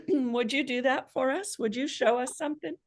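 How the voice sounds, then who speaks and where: A woman's voice: sits high, moderate pace. An American woman hosting a live online class, upbeat and encouraging, playfully drawing out her guest. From United States. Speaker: host.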